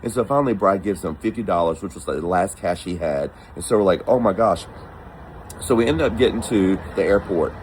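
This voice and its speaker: A man's voice: low-pitched, quick pace, hardly any pauses, a little hiss or hum, rough recording. A man telling a personal travel story casually and with animation, acting out the voices of the people in it. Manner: animated, acts out quoted voices.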